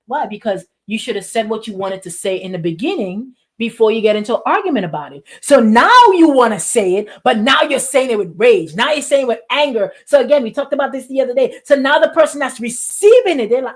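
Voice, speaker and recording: A woman pastor preaching in a lively, repetitive style, acting out quotes along the way. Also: on the high side, a little fast. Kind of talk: sermon.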